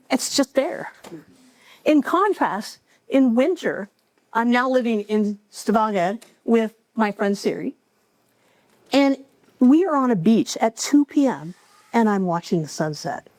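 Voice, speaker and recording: A woman's voice: fairly high pitch, darkish tone, no echo, poor audio. Dry, close-miked woman storyteller. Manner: reflective, measured pauses with wry asides. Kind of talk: live personal storytelling. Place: cafe event before a live audience.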